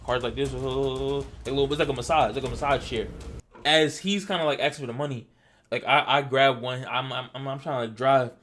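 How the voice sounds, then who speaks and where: A man from Delaware rattles through a personal storytime at a quick clip, stumbling over repeated words as he acts out his own past lines. His voice sits at an ordinary middle pitch, with faint music underneath. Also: fairly even intonation, fairly bright tone. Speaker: storytelling vlogger. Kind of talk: casual storytime.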